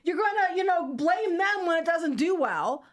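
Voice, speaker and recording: High-pitched woman ranting, fiery and profane. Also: animated, normal speed. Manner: heated, profane rant; sarcastic. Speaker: co-host. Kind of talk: casual podcast chat.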